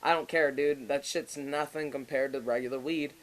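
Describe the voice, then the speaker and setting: A man's voice: medium pitch, fairly even intonation, normal speed, rough recording. A young man, a podcast co-host, telling a long story in casual, profane chat and often laughing as he goes.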